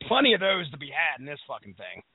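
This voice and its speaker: Rambling lively man on a tinny line. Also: on the high side, fast talker. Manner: rambling, profane, laughs often. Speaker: co-host reviewing an album. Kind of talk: casual radio banter. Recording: tinny phone-like dry sound.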